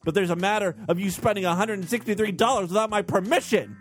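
A man's voice: sits high, quick pace, soft background music, pitched above the performer's own voice, close to an everyday voice. A man voicing a domineering woman who barks commands. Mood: stern. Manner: barking commands. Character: stern domineering bossy woman.

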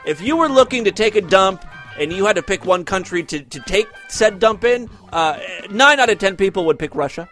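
A man's voice: sits high, expressive, brisk, fairly bright tone, soft background music. A man reading odd news stories aloud with sarcastic comedic commentary and exaggerated delivery.

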